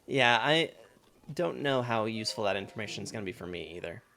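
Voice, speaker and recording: A man casually commenting on his live game playthrough, relaxed and thinking aloud. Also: lowish voice, a little fast, vocal fry, a little hiss or hum. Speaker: gaming streamer.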